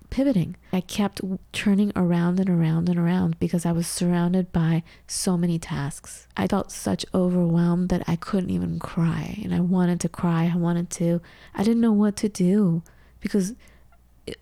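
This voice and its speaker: Low gravelly woman, casual storytelling. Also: dark tone, no echo. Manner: candid, storytelling, with frequent restarts. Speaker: podcast co-host. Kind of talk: casual conversation.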